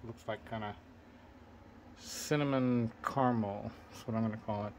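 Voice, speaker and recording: A man's voice: on the low side, steady tone, normal speed, a little hiss or hum. Enthusiastic man touring guitar gear. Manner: enthusiastic, admiring, rambling, often searching for names. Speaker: vlogger touring a gear collection. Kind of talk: casual walkthrough commentary. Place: indoors in a room full of guitars and amps.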